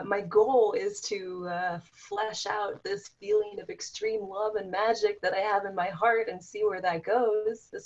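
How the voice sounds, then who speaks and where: A woman's voice: mid-range voice, slightly rough. A woman guest in a casual chat, speaking earnestly and giggling now and then. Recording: muffled, distant call audio.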